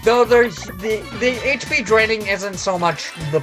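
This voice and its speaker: This let's play commentator sounds worn out and exhausted as he rambles casually about the game. He swears, catches and corrects himself, and keeps restarting. His voice is high and a little slow, with music underneath.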